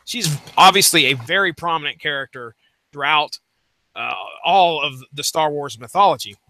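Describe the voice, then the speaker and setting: Guy hosting a comics podcast, really bright voice, high and bouncy, dry close sound. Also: moderate pace, a little hiss or hum. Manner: animated, recaps the comic then quizzes his co-hosts. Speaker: podcast host. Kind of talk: casual podcast discussion.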